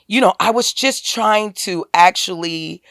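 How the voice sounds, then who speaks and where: Woman, animated storyteller on a podcast, mid-pitch voice, dry close sound. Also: measured pace, no echo. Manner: animated, acts out quoted dialogue in a raised voice. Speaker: podcast guest, tax business owner. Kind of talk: storytelling in a casual interview.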